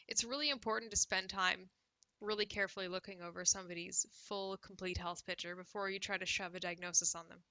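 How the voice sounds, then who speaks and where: A woman's voice: mid-range voice, steady tone, a little fast, sharp tone, no room sound, rough recording. A woman from Canada with a Canadian accent, hosting a casual livestream and reading news with sarcastic asides. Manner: sarcastic, laughs often, drinks cider on stream. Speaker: livestream host.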